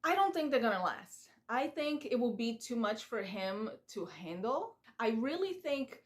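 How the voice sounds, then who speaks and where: Woman, reaction vlogger, casual opinionated recap, fairly high voice, chatty. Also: very animated, measured pace. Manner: chatty, opinionated, mimics people she talks about.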